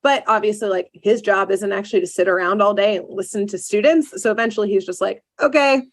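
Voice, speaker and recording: A podcast host, a woman with a mid-range voice, talks fast while casually recapping a cartoon episode. She tells it like an animated storyteller, acting out the characters and dropping "like" constantly.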